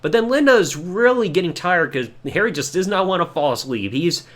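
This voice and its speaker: A man hosting a podcast, recapping episodes in a casual, profane, rambling way and slipping into quick mimicked voices. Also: sits high, lively intonation, fairly bright tone. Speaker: podcast host.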